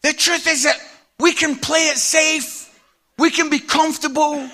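A middle-aged man preaching a humorous storytelling sermon, an animated teller with punchy asides. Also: extremely high pitch, a little slow. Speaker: evangelist preacher.

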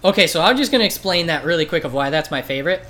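A man's voice: fairly high pitch, animated, racing, bright, forceful tone. Rambling profane man on a podcast. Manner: rambling, profane, acts out quoted voices. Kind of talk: casual chat.

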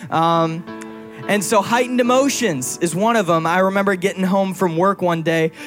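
Before a congregation at church, a young male pastor delivers a sermon full of personal stories, conversational and playful, teasing his wife. His voice sits high and is a bit bright, at a moderate pace, with faint music behind.

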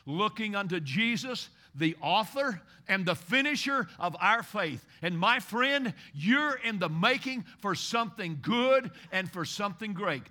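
Preacher guy from kentucky, high bright voice, gets loud then drops real quiet, says stuff twice for punch. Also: animated, measured pace, hardly any pauses. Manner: dramatic swings from loud exhortation to hushed intimacy; repeats phrases for emphasis. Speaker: pastor. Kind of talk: sermon.

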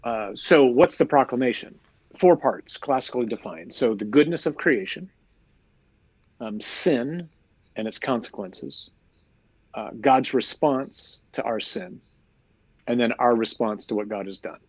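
Husky-voiced priest teaching animatedly. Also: male voice, mid-range voice, unhurried, no room sound, highs cut off. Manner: animated storyteller, rhetorical questions. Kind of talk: conversational teaching.

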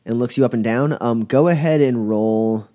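A man's voice: medium pitch, moderate pace, warm tone. A young man narrating a tabletop game as game master, rambling with lots of fillers. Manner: rambling with many fillers, chuckling.

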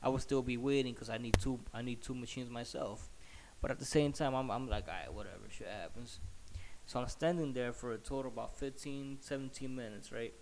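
A man's voice: mid-range voice, steady tone, brisk, darkish tone, a little hiss or hum. A man telling a story in a heated, profane, rambling rant while slightly sick.

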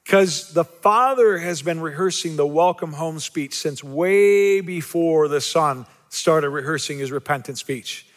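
High-voiced male pastor preaching in a reverberant hall. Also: a bit bright. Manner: rhetorical questions to the congregation, repetitive emphasis; self-deprecating humor. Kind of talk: sermon.

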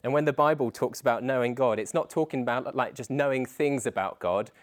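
A man's voice: medium pitch, brisk. A man giving an informal, earnest sermon to students, talking conversationally and quoting scripture and prayers. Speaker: speaker at a student Christian talk.

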